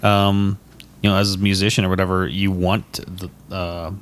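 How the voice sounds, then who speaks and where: A man's voice: low voice, flat delivery, normal speed, clear, resonant tone. A man co-hosting a casual podcast, asking short, curious questions about a film. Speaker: podcast co-host. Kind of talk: casual chat.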